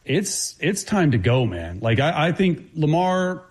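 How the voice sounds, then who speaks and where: A man who is a guest football analyst, talking quickly and confidently through his breakdown, with frequent restarts. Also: on the high side, sing-song, breathy edge. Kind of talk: casual sports talk.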